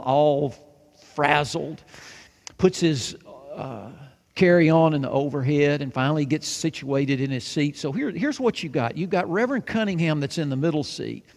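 A man preaching a sermon, telling a story with lively acted-out dialogue and hushed moments. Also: a little high. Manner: animated, acts out dialogue, drops to hushed tones. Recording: long reverb of a large hall.

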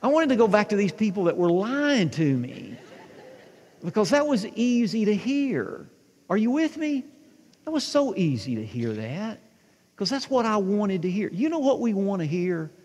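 Husky-voiced preacher in his sixties. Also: high-pitched, moderate pace, long reverb tail. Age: 60s. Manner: animated storytelling, asks the congregation questions. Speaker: pastor. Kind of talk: sermon.

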